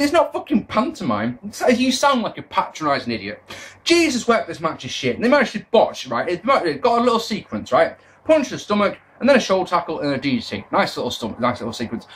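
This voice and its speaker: A British man giving a casual, sweary and sarcastic review of an old wrestling show. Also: high-pitched.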